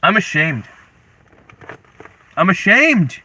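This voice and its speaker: A young man hosting a casual livestream, ranting in mock anger and chatting with viewers, with sudden loud outbursts. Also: high voice, slow, a little hiss or hum. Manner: animated, mock-angry rants with sudden yelled bursts. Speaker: livestream host.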